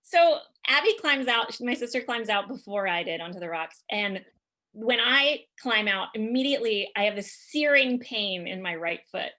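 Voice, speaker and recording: Bright-voiced woman telling a story. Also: fairly high pitch, animated, moderate pace. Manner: chatty, rambling with many fillers and laughs. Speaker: podcast guest. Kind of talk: casual comic storytelling.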